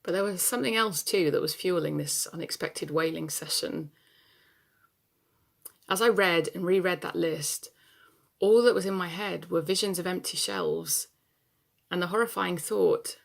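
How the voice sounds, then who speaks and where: A woman's voice: on the low side, measured pace, gravelly, pauses often. A woman performing a stage monologue as an adult daughter anxious about her aging parents, telling her story in a wry, confessional way. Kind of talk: theatre monologue.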